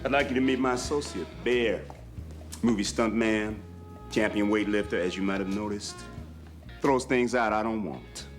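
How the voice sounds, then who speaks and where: An actor playing a calm, coldly menacing crime boss in a film. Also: male voice, fairly low pitch, normal speed, music in the background, natural voice.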